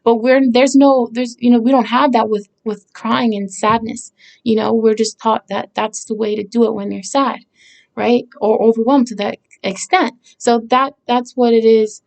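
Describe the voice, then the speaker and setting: A woman's voice: a little high, fairly even intonation, moderate pace, gravelly, darkish tone. A woman songwriter talking casually about her own song, hesitant and searching for words with many fillers and restarts, earnest and reflective. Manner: reflective and earnest, with short laughs.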